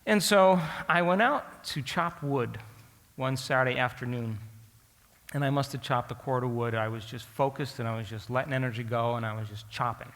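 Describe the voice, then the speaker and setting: Guy teaching a crowd, acts out his own thoughts, sharp tone, echoey big hall. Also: medium pitch, normal speed. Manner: animated, asks the audience direct questions. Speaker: speaker teaching an audience. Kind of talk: storytelling lecture.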